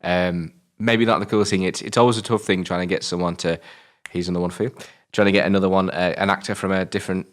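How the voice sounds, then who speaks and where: Deep-voiced, blunt northern English man. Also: level tone, fast, few pauses. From Britain. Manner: blunt, swears freely. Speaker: film review podcast co-host. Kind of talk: casual chat.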